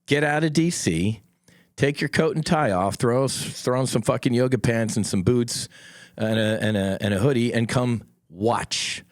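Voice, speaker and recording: A man's voice: mid-range voice, measured pace, no echo, clean studio sound. A middle-aged man hosting a solo podcast, talking in a blunt, impassioned way and swearing freely. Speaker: podcast host.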